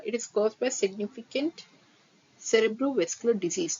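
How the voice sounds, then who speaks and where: A woman giving a nursing exam-prep lecture. She reads terms steadily from her notes, then quickly re-explains them in a mix of Hindi and English. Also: medium pitch, darkish tone. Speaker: nursing teacher. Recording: slightly dull audio with faint noise.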